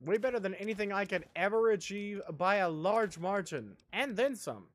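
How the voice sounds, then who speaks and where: A man's voice: high voice, expressive, normal speed, fairly bright tone. A man streaming a game live, rambling casually and talking with his chat in a self-deprecating way.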